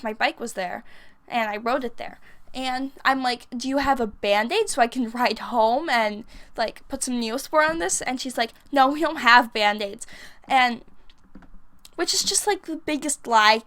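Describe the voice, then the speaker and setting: Woman, young adult, high pitch, casual storytime voiceover, rambling filler-heavy talk. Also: bright, forceful tone. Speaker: vlogger. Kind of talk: casual storytime over a game build.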